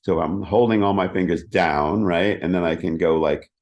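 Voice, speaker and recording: A middle-aged man in a casual interview, explaining practice in a lively way and often singing rhythms as "da da da". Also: deep voice, normal speed. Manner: animated, sings rhythms as "da da". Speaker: interview guest, keyboardist.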